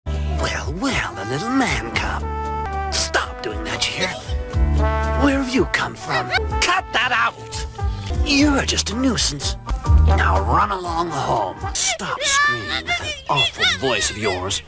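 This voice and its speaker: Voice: medium pitch, slow, vocal fry, heavily acted. A performer voicing a fussy, scolding python who insists he is good. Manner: scolding, animated. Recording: cartoon clip over music.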